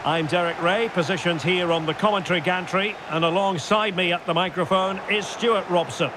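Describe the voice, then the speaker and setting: A man doing play-by-play football commentary for a video game, measured calls that rise to shouts at goals. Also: high voice. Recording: game audio with loud background noise.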